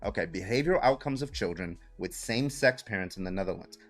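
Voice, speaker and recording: A man's voice: sits low, lively intonation, fast. A man hosting a livestream debate, citing studies, repeating his question insistently and mocking his opponent. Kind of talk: heated online debate.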